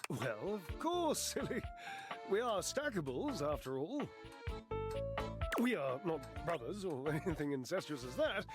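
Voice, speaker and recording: A man's voice: fairly high pitch, big pitch swings, measured pace, loud music behind the voice. An actor playing a theatrical, lovesick man who speaks in florid, verbose phrases in video game character dialogue. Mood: playful.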